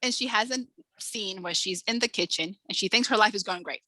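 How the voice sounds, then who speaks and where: Bright, animated woman telling stories. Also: medium pitch, a little fast, no echo, poor audio. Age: 40s. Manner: animated storyteller acting out quotes. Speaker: author, guest. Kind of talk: casual interview chat.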